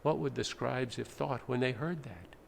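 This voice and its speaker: Gravelly and mid-range, a pastor's voice moves at normal speed through a teacherly sermon full of explanation and dramatic readings. It's recorded in an echoey church sanctuary with faint noise in the background.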